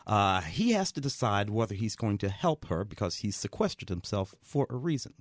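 A man's voice: lowish voice, moderate pace, no echo, clean studio sound. A man reviewing a film on a radio show, sarcastic and full of fillers. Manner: sarcastic, animated, with many fillers. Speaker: film critic. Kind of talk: casual critical chat. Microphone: studio microphone.

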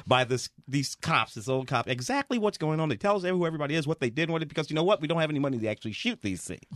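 A man's voice: fairly high pitch, rapid-fire, dry recording. A man reviewing films on a radio show, dry and sarcastic in his takes. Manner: sardonic, animated, wry asides. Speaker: film critic. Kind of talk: radio film review chat.

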